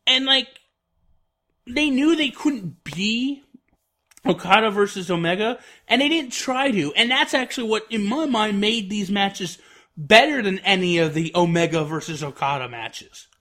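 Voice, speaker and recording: High, bright-voiced enthusiastic man. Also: lively intonation, measured pace. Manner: enthusiastic, rambling, many fillers. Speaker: wrestling reviewer. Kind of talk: casual spoken review.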